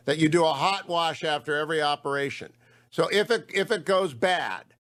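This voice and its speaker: A middle-aged man hosting a radio interview, chatty and enthusiastic, with quick asides. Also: a little high, fairly bright tone. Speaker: talk radio host.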